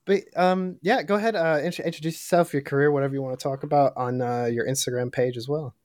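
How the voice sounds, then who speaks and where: Host: man, higher voice, loose and joking. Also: steady tone, quick pace, a little mellow. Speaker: podcast host. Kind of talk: casual podcast chat.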